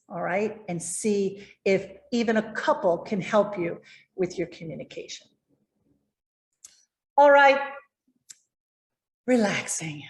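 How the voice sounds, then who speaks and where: Lively woman coaching on a video call. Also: mid-range voice, roomy sound. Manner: lively, encouraging, addresses viewers directly. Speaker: presentation coach.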